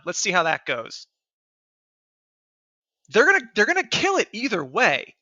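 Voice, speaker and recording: A man's voice: high voice, wildly swooping pitch, unhurried, sharp tone, dry recording, lo-fi sound. A man co-hosting a casual political podcast, arguing heatedly and emphatically and swearing freely. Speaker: podcast co-host.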